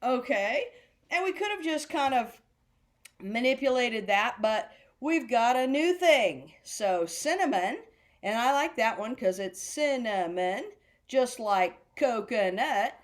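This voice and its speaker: A woman's voice: a little high, lively intonation, takes it slowly. A middle-aged woman teaching a beginner drum class, chanting rhythm patterns aloud with food words. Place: senior center class room.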